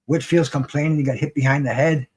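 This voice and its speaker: Here a streamer, a man, chats through a live boxing fight, rambling and excitable, dropping swear words freely and beginning sentences again. He's a fast talker with a high-leaning, breathy voice.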